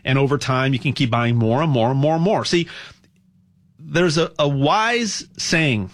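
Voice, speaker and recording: A man hosting a show, talking in a rambling, impassioned monologue with a sales pitch and lots of stammered restarts. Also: expressive, a little slow. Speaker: radio show host.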